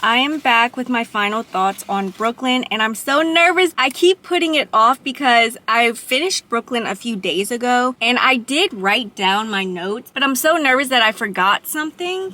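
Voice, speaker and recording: Chatty, bright-voiced woman vlogger. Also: a little high. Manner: chatty, conflicted, thinking aloud. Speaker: book vlogger. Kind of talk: casual book review talk.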